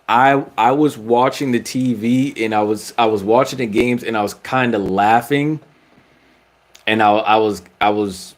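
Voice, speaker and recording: A man giving his casual opinions on basketball in a vlog, slangy and full of restarts, his voice climbing when he gets worked up. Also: fairly low pitch. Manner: slangy, frequent restarts, rising when excited. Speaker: basketball commentator vlogger.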